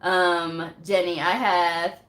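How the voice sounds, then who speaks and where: Female host from Texas, low-ish voice, loose chatty delivery with lots of laughs, in an echoey room. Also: little pitch movement, slow pace, a bit bright. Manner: chatty, laughs often, many fillers. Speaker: medical coding livestream host. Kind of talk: casual livestream chat reading comments.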